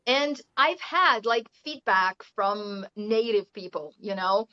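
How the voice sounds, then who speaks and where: A woman's voice: medium pitch, lively intonation, slow, sharp tone, clear, resonant tone. Chatty Brazilian woman, muffled lo-fi audio. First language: Portuguese. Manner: chatty, laughs often, says "you know" a lot. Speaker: English teacher, guest. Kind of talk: casual interview chat.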